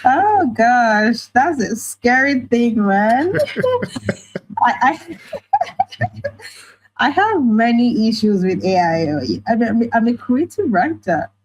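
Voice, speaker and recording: A woman with a Nigerian accent, an online teacher and writer talking in a casual interview, animated and quick to act out the voices she quotes. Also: a little high, rough recording. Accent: Nigerian English. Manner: animated, often laughing, acts out quoted voices.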